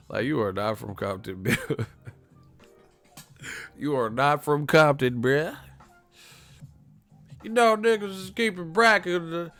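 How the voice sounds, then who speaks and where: Animated, gravelly-voiced man ranting. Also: a little high, slow pace, long pauses, soft background music. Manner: laughs often, loose and profane, animated. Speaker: livestream host. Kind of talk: profane comedic rant.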